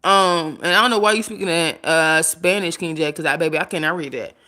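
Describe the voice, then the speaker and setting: A woman's voice: lowish voice, a little fast. A woman live streaming, ranting casually and bluntly to her viewers, talking to the chat and swearing freely. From United States. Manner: blunt, animated, talks straight to viewers and chat. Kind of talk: casual livestream rant.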